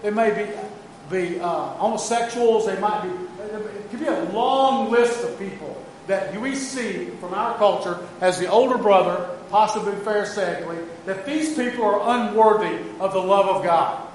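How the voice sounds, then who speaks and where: A man's voice: sits high, normal speed, slight background noise. A man pastor preaching a sermon in an earnest, emphatic manner, often restarting his phrases.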